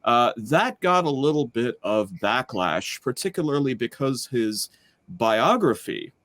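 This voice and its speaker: Guy hosting a panel over video call, wry jokey delivery, average pitch. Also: sing-song, measured pace, a bit bright, no echo. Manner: wry, joking. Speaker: host. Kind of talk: panel discussion.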